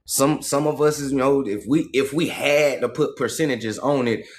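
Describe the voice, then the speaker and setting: A man's voice: medium pitch, moderate pace. A man hosting a casual livestream, reading passages aloud and commenting on them in streetwise slang, with profanity and points repeated for emphasis. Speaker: livestream host.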